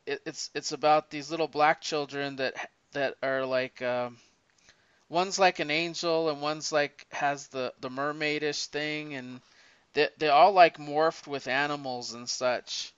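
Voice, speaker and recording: A man in casual chat, retelling a comic story in a rambling, animated way, with many restarts. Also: a little high, a little slow, clean tone, no echo. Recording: dull lo-fi recording.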